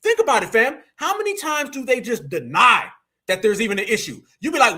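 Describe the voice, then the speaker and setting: Fired-up guy ranting on a livestream, high bright voice, kinda husky, keeps saying fam. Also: a little fast. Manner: animated, preachy, mocking, repeats "fam". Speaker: livestream political commentator. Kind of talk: heated political livestream rant.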